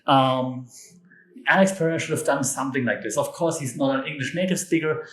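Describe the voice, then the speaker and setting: Brief: European man, solo podcast host, mid-pitched, excitable and joking, recorded in an echoey room. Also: brisk. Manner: enthusiastic, emphatic, jokey asides. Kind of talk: casual solo podcast monologue.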